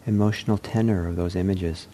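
A man giving an unscripted meditation talk, speaking in a gentle, reflective way with frequent pauses and restarts. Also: low-pitched, fairly even intonation, slight background noise. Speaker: meditation teacher.

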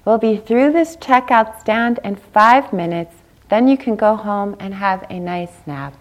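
A woman voicing a calm, patient young mother who soothes and reassures in a gentle tone, told within a talk. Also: medium pitch, measured pace, dull audio, close to an everyday voice. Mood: soothing.

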